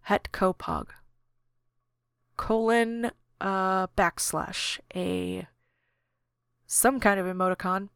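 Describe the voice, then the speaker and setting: A woman narrating a podcast, reading a chat log aloud in a deadpan way, usernames and emoticons included. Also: medium pitch, drawn-out words, creaky, pauses often, clean tone, no room sound, studio quality.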